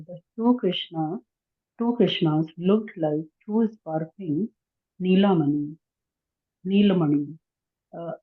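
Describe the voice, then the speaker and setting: A person carefully reading a devotional story aloud over a call. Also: mid-range voice. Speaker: reader in a devotional group. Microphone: phone or video call. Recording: tinny phone line.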